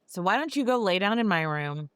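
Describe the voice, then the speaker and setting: A woman's voice: mid-range voice, lively intonation, brisk, clear, resonant tone, no room sound, studio quality, close to an everyday voice. A woman voicing a brooding, volatile grown man in a comic book recap, blunt and cursing. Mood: flat. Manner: blunt, cursing, then pleading.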